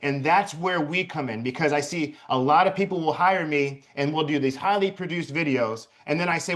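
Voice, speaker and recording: Videographer guy, kinda high voice, blunt, swears a lot. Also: moderate pace, hardly any pauses, a bit bright. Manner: blunt, swears freely, emphatic. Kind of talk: casual chat.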